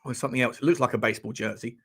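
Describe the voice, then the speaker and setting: A man's voice: medium pitch, steady tone, rapid-fire, fairly bright tone, slightly rough. A man hosting a casual live-stream chat, joking around and reading out viewer messages. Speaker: livestream host.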